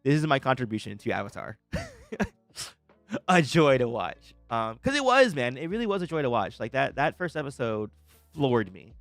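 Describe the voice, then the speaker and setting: Excitable young man, dry close sound. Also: mid-range voice, fairly quick, gravelly, dry recording, faint music behind. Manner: excitable, stammering restarts, laughs often. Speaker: livestream host reacting to a trailer. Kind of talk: excited live reaction and chat shout-outs.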